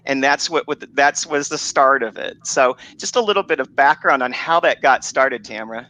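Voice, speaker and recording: A man, a co-author guest, telling an animated story in casual chat. He often interrupts himself. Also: medium pitch, normal speed, low-quality recording.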